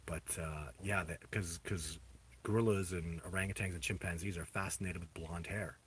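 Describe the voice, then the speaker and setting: Man, very low voice, casual livestream chat, rambling and halting, faint hiss behind. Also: fairly even intonation, fairly bright tone. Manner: rambling, halting, with many restarts. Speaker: livestream host answering viewer questions.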